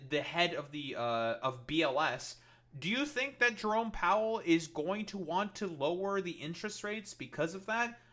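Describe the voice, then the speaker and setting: A man's voice: on the high side, pushed and bright. A man doing reaction commentary, ranting in an exasperated, profane way. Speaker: political commentator streamer.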